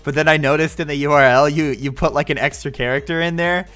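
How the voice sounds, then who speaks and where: A man doing playful, excitable gameplay commentary, laughing often as he pulls a prank. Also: fairly high pitch, fast. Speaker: gaming YouTuber.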